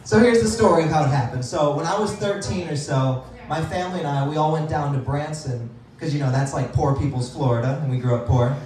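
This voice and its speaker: Self-deprecating stand-up comic, echoey room. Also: male voice, a little high, a little fast, few pauses, darkish tone, distant mic, slight background noise. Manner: self-deprecating, laughs at own jokes. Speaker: stand-up comedian. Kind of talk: stand-up comedy set. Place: comedy club stage.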